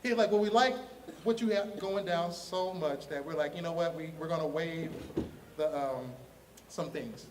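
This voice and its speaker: Man from Ohio, high voice, animated storyteller who laughs and acts out voices; slangy, casual; recorded a bit off-mic with faint room noise. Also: moderate pace, far from the mic. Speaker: comic artist telling his story.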